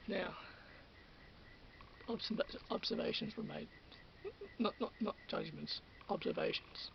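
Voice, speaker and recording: A man's voice: high-pitched, huge pitch swings, measured pace, creaky, long pauses, dull audio, noisy background. A man with an Australian accent rambling through an everyday story in a casual monologue, repeating and restarting, getting indignant. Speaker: channel host.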